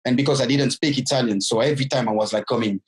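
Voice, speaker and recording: Frenchman telling stories in animated English. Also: medium pitch, quick pace, low-quality recording. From France. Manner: animated, non-native English with loose grammar. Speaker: podcast guest. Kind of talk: storytelling interview.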